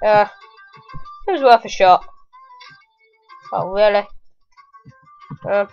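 A woman commenting on her own gameplay, excitable and exclaiming loudly at the game. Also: mid-range voice, takes it slowly, pauses often, muffled recording. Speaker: gaming video host. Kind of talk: let's play commentary. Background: faint game music.

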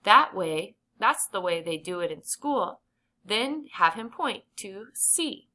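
A woman reading as gentle sister Violet. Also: mid-range voice, animated, slow. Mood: helpful.

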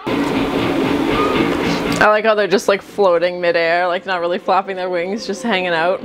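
A woman hosting a movie reaction, chatting casually in an animated, exclamatory way with film music behind her. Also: fairly low pitch, a little slow, low-quality recording. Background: film soundtrack music.

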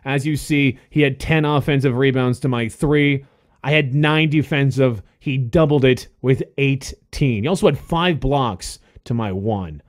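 A young man commentating his own basketball video game, excitable and swearing, shouting at the players. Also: mid-range voice, measured pace. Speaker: gaming host. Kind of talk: gameplay commentary. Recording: faint music behind.

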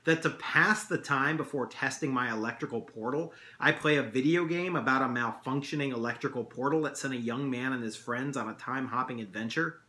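A man's voice: medium pitch, brisk, few pauses, sharp tone, natural voice. A man reading a story aloud and voicing a clever teenage brother with a dry, amused manner. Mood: wry. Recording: echoey room.

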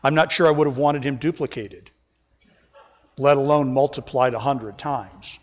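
Speaking at a moderate pace in a mid-range voice, a man preaches forcefully as pastor during a church service. The setting is a church sanctuary that sounds like a large hall, and he keeps referring to the congregation as folks.

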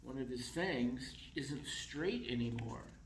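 A man reading a children's picture book aloud in a slow, expressive storytelling voice, in council chambers. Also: mid-range voice, echoey room, slight background noise, poor audio.

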